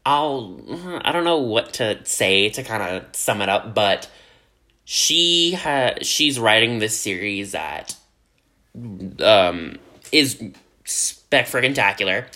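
A man's voice: fairly low pitch, animated, slow, bright, forceful tone. A man co-hosting a casual podcast chat, telling stories with a lot of trailing off and restarting. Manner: chatty storyteller, trails off and restarts. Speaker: podcast co-host.

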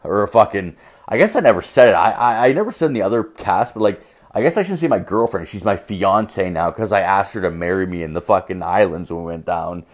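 Speaking fairly quickly with lively intonation in a low-pitched voice, this young man tells rambling stories alone on his podcast, swearing constantly and leaning hard on fillers in a casual monologue.

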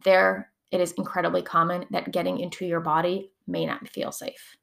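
A woman's voice: on the low side, little pitch movement, normal speed, gravelly, a bit bright. A young adult woman explaining somatic coaching techniques in a chatty, casual teaching talk, full of fillers and frequent laughs.

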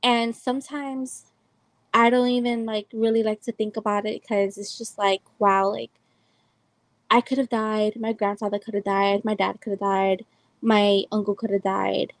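Woman in her 20s from el salvador rambling thru a story on her podcast, um and like everywhere, mid pitch, dry. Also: level tone, normal speed, dry recording, poor audio. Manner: rambling, heavy use of "like" and "um". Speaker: podcast host. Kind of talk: casual personal storytelling.

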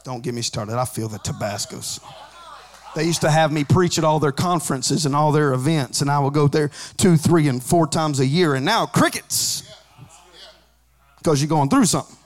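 Pastor guy preaching, pretty high voice, cracks jokes then gets loud and sing-songy. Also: moderate pace. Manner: builds to shouting, sing-song preaching cadence; conversational asides with humor. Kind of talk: sermon.

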